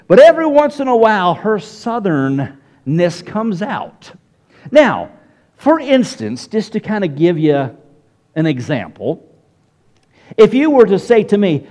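A man's voice: high voice, sing-song, moderate pace, darkish tone. A man with a Southern US accent preaching a sermon in church, asking the congregation questions directly. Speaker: pastor.

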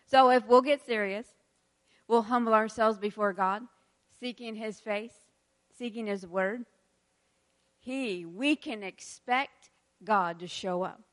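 A woman's voice: mid-range voice, takes it slowly, long pauses. Chatty woman preaching with laughs. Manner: chatty, laughs often, leads prayer. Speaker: pastor's wife leading a church service. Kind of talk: casual sermon.

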